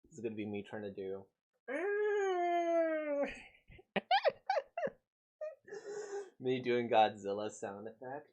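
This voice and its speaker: A man's voice: fairly low pitch, steady tone, fairly quick, hardly any pauses, darkish tone, highs cut off. A man casually reacting to a comic he is reading aloud, rambling with many fillers.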